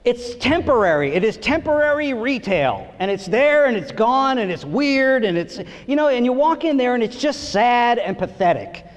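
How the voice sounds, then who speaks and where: A middle-aged man from New York and Florida doing a live stand-up set on a theater stage, animated and jumping into quick character voices. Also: extremely high pitch. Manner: animated, does quick gangster and Southern voices mid-joke. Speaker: stand-up comedian. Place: large historic theater stage with audience. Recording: live theater with hall reverb and faint ambience.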